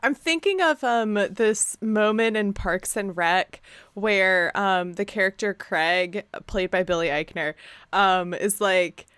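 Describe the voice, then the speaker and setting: Animated woman podcast co-host, dry close mic. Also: medium pitch, takes it slowly, clear, resonant tone, no room sound. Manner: animated, acts out quoted lines in exaggerated voices. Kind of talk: casual chat.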